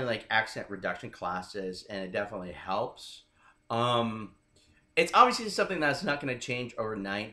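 A man explaining his coaching methods in a loose, chatty interview, tossing in "right?" to keep his listener with him. His voice sits at a middle pitch for a man and carries around a roomy, echoing space. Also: pushed and bright. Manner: chatty, keeps checking in with "right?". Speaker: dating coach guest. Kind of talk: casual interview talk.

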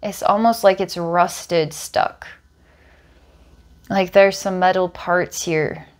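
A woman giving a psychic energy healing reading, describing impressions slowly and searchingly. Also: fairly low pitch, fairly even intonation. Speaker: psychic healer.

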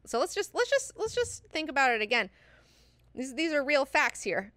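Excitable, swearing woman book club host. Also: high-pitched, normal speed, no room sound. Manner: excitable, profane and chatty. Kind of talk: casual book discussion.

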